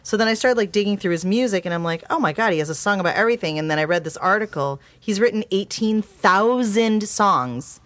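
A woman from Massachusetts, a podcast guest telling stories in casual chat and acting out quotes in a high voice. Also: a little fast, hardly any pauses, dry recording. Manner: animated storyteller, acts out quotes in a high voice.

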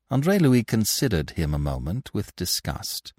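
Man, very low voice, lively intonation, measured storytelling, podcast novel reading. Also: dry recording, studio quality. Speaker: podcast reader. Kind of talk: scripted narration of a classic novel.

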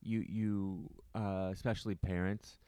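Deep, smooth-voiced man in casual chat. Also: level tone, a little slow, warm tone, dry recording, studio quality. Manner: self-deprecating, repeats himself emphatically.

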